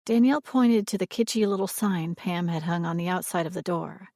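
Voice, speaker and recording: A woman reading a romance audiobook in a measured, expressive way. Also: on the low side, no echo, clean studio sound. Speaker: audiobook narrator. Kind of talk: scripted romance narration.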